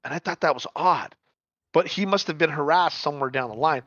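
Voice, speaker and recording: A middle-aged man telling a story in casual chat, animated, repeating words and swearing freely. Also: on the high side, brisk, no echo, highs cut off.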